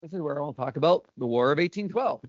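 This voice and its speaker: A man's voice: a little high, lively intonation, fast, no room sound. Man reading a lecture with dry asides. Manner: reads notes aloud with dry asides and filler stumbles. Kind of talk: academic lecture read from notes. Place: university lecture hall. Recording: dull lo-fi lecture recording.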